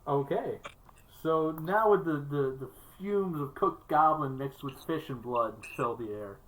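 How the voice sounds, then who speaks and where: A woman with a deep, low voice runs a tabletop game as game master. She narrates the action loosely, with plenty of fillers, and often breaks into laughter. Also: unhurried, a little hiss or hum, rough recording.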